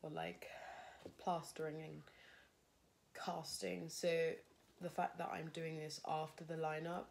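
Chatty young woman with a gravelly voice. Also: sits low, flat delivery, slow, a little mellow, a little hiss or hum. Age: young adult. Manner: chatty, thinking aloud, self-deprecating. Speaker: fashion design student. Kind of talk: casual vlog narration while crafting.

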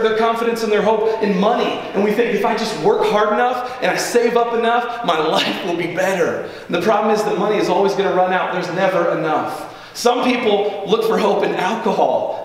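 A pastor delivers his sermon in an earnest, conversational way, often turning to the congregation with asides. His voice sits a little high for a man. The sound carries a long hall echo from a church sanctuary, and he stands some distance from the mic.

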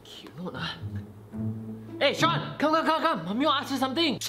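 A man's voice: very high voice, very animated, normal speed, over music. A man playing a bossy, nagging middle-aged Malaysian mother in a comedy sketch, with a Malaysian English accent, scolding and guilt-tripping. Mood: demanding.

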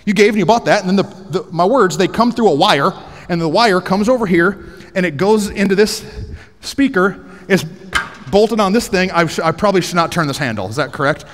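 A pastor preaching a sermon on a headset mic in a large church auditorium, energetic and joking, rising to shouts for emphasis. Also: male voice, high-pitched, fairly quick, big-room sound, slight background noise.

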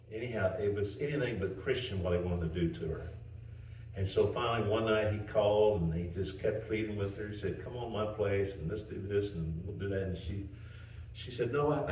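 A male pastor preaching a sermon in a folksy, animated storytelling way, chuckling and restarting as he goes. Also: on the low side, a little hiss or hum. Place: church. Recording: roomy church, mic at a distance.

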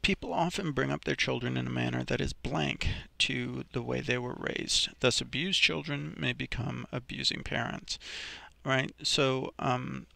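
A man's voice: medium pitch, fairly even intonation, measured pace, gravelly, sharp tone, no echo. A man teaching a recorded vocabulary lesson, explaining each example step by step with many ums and restarts.

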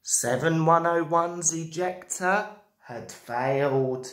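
Slow expressive woman reading a storybook. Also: lowish voice. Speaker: narrator. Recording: roomy echo.

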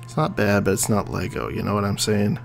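A man giving casual commentary on his gameplay, excitable and laughing often as he cheers his machine on. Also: on the low side, fairly quick, gravelly, soft background music. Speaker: gamer. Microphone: desk USB microphone.

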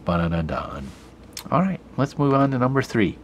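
A man's voice: medium pitch, very animated, normal speed, highs cut off, a little hiss or hum. A man teaching an online grammar lesson, patiently explaining each step while he types. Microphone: computer camera mic.

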